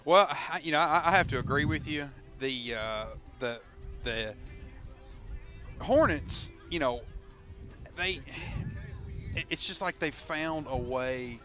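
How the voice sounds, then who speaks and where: A man doing color commentary on high school football, excitable and rambling with lots of repeats. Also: slow. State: out of breath.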